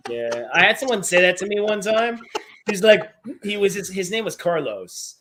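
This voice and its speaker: A middle-aged man co-hosting a podcast, telling stories in an animated, laughing way. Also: high voice, normal speed, noisy background. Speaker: podcast co-host. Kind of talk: casual storytelling chat.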